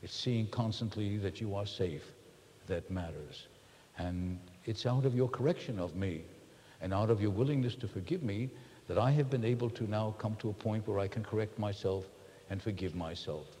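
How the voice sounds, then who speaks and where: A man's voice: fairly low pitch, normal speed, dark tone. Earnest man speaking in a reverberant hall. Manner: earnest, confessional and reflective. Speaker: workshop speaker. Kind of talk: personal talk to a live group. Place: large room with an audience.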